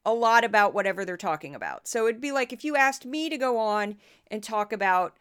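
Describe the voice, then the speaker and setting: A woman's voice: a little high, animated, brisk, a bit bright, clean tone. A middle-aged woman from the US Midwest hosting a podcast. She talks in a chatty, casual way, with wry and self-deprecating asides. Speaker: podcast host.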